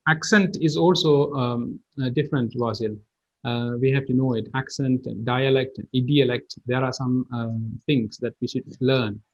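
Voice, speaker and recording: A man's voice: mid-range voice, fairly even intonation, measured pace, lo-fi sound. A man teaching English pronunciation in an online class, explaining with repeated example phrases.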